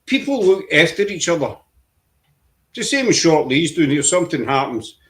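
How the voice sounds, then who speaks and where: Chatty Glaswegian man telling stories. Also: moderate pace. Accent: Glaswegian Scottish. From Glasgow, Scotland. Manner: rambling storyteller, lively swings in pitch. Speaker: podcast guest. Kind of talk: casual chat.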